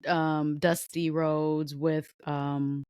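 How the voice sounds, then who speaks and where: A woman co-hosting a podcast, chatting casually with quick, easygoing agreement. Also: low voice, level tone, darkish tone, smooth, dry recording, studio quality. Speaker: podcast co-host. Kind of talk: casual chat.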